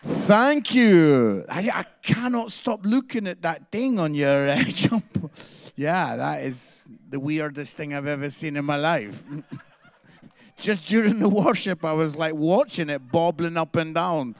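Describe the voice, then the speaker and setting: A man's voice: on the high side, lively intonation, unhurried. A Scottish man performing a stand-up comedy set, bantering playfully with the crowd. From Scotland.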